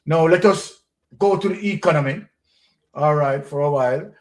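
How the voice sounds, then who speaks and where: A man's voice: fairly high pitch, normal speed, reverberant, recorded from a distance, rough recording. Scornful Jamaican male host. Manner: scornful, animated, mocking asides. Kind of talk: reading and commenting on news documents.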